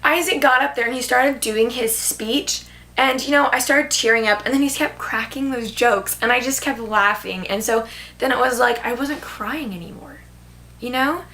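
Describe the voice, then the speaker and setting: A young woman vlogger gushes about a movie she loved in a casual review chat, her talk packed with fillers and lots of "like." Her voice is fairly high, bright, and forceful, at a normal speed.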